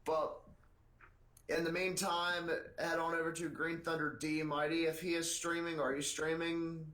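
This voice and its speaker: A man co-hosting a casual podcast, reading satirical news in a dry, deadpan way. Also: on the high side, measured pace. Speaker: podcast co-host. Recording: echoey room.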